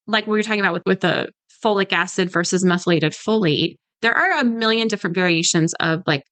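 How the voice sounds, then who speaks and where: Woman, thirties, dietitian guest, chatty explainer, mid pitch, dry close sound. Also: fast, fairly bright tone, no room sound, low-quality recording. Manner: explanatory, many "like" fillers, mimics patients. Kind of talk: podcast conversation.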